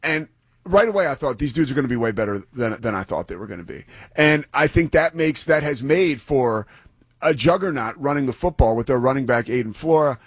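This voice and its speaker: A man's voice: medium pitch, lively intonation, brisk, slightly rough, no echo. A man who is a play-by-play broadcaster, co-hosting a sports talk show in an enthusiastic, rambling, self-deprecating way. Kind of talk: sports talk radio banter.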